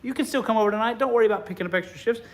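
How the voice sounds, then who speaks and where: A man's voice: high-pitched, racing, pitched above the performer's own voice, lightly acted. A man voicing an eager boyfriend who hurries to reassure his girlfriend and pay for everything.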